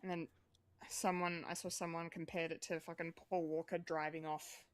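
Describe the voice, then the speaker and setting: A woman's voice: on the low side, level tone, moderate pace, no echo. A woman co-hosting a podcast, chatting casually in a rambling way, with lots of fillers, restarts and swearing. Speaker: podcast co-host.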